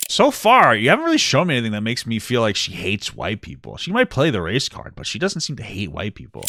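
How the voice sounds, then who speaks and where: A man's voice: mid-range voice, huge pitch swings, fast talker, bright, forceful tone, no echo. A young man talking through a live stream reaction, blunt, irritated at times, swearing and saying "like" a lot. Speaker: livestream commentator reacting to a video.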